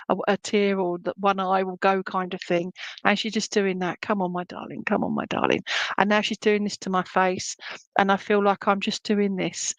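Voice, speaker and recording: A woman's voice: mid-range voice, a bit bright, no room sound, low-quality recording. A middle-aged woman serving as a spiritualist medium, giving rambling, affectionate clairvoyant readings at an online church service, with many fillers and restarts.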